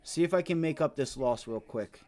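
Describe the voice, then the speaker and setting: A man's voice: on the high side, normal speed, darkish tone. Man muttering through live trades. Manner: talks to himself and the chart, swears, frustrated at times. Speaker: day trading livestream host. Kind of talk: casual live trading commentary.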